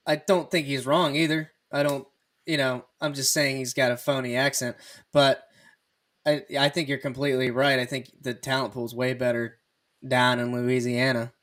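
A man's voice: mid-range voice, flat delivery, normal speed, a bit bright. A man hosting a comedy sports podcast, rambling and joking as he lets the talk flow. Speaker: podcast host. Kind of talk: casual sports chat.

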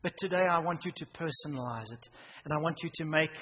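A man preaching a sermon in church, swinging from loud emphasis down to a hushed near-whisper. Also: on the high side, brisk, breathy edge. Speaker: pastor. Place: church hall. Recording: reverberant church hall, faint noise.

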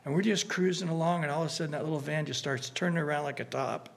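A man preaching a conversational sermon as pastor, earnest and animated, often restarting his sentences. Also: on the high side, fast, creaky. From United States.

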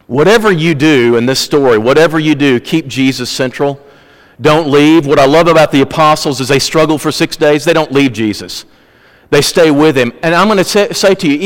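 A man preaching a sermon as a pastor, telling a story earnestly and dropping his voice low on key points. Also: long reverb tail, poor audio. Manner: earnest storytelling preacher, varies pace, drops low for emphasis.

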